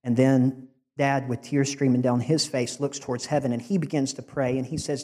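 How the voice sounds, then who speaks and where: Preacher guy giving his goodbye sermon, heartfelt, gets loud and emphatic, church echo. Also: mid-range voice, fairly even intonation, a little fast. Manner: heartfelt, building to emphatic rising declarations. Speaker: departing preacher. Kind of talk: farewell sermon.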